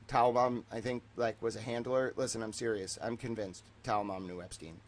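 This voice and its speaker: A man hosting a stream, talking in a rambling, digressive monologue that swings between loud and mumbled. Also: mid-range voice, fairly even intonation, a little fast, hardly any pauses. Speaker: streamer host.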